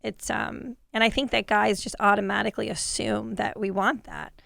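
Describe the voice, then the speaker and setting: A woman comedian chatting casually on a podcast, blunt and profane, often breaking into laughs. Her voice has a gravelly, fry-edged texture. The sound is close and dry, with no room echo. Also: mid-range voice, steady tone, normal speed, fairly bright tone. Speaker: comedian guest.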